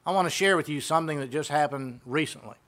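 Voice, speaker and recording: Male preacher, somewhat high voice, chatty sermon full of questions to the flock. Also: fast talker, a bit bright. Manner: conversational, retells exchanges and asks rhetorical questions.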